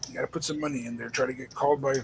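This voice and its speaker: A man's voice: medium pitch, fairly even intonation, racing, slight background noise. A man doing casual color commentary on a live poker game, joking and talking to the players as if they can hear him.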